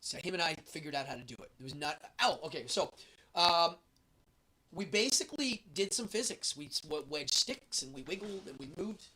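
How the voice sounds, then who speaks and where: A man's voice: fairly high pitch, lively intonation, moderate pace, pushed and bright, breathy edge. A man hosting a show, telling a travel story in a casual, rambling way with many fillers.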